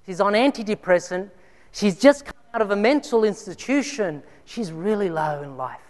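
A man's voice: high-pitched, animated, moderate pace. Man preaching in a reverberant hall. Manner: dramatic, drops to near whispers for emphasis. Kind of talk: sermon with personal storytelling.

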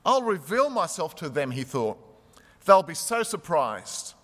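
Guy doing a stuck-up little donkey, huffy and offended, high bright voice. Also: big pitch swings, unhurried, big-room sound, full character voice. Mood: indignant. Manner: huffy, self-important. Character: proud, indignant young male donkey.

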